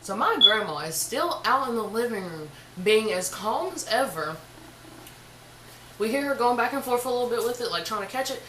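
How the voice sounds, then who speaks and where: A young woman telling a casual storytime on her vlog, chatty and animated, full of slang. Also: fairly high pitch, moderate pace, echoey room, a little hiss or hum, low-quality recording. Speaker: vlogger.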